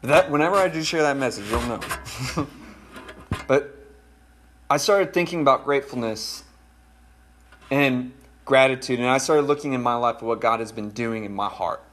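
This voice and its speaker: A man's voice: mid-range voice, moderate pace, long pauses, fairly bright tone, a little hiss or hum. A man, a pastor with children, preaching a conversational sermon and talking straight to his congregation. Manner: conversational, folksy, addresses congregation directly.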